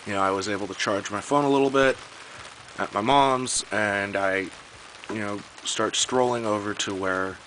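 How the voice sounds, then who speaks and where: Exasperated, swearing man with a low voice. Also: bright, forceful tone, slight background noise, low-quality recording. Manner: profane, exasperated storytelling. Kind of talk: casual vlog rant.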